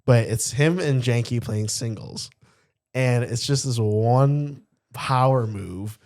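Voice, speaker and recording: Casting: sick, nasal male podcast co-host, middle pitch, laughs through stories. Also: slow, darkish tone. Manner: laughs while telling stories. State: sick with a cough and stuffy nose. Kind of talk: casual chat.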